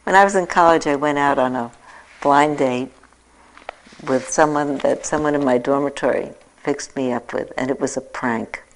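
A woman in her sixties giving a reflective dharma talk as a meditation teacher, telling a personal story with gentle self-mocking humor. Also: a bass voice, normal speed, a little hiss or hum, low-quality recording. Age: 60s.

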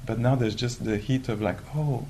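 A man giving a conversational dharma talk as a meditation teacher, animated and full of "you know" fillers. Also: medium pitch, normal speed, a little hiss or hum, low-quality recording. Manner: animated, acts out quoted inner voices.

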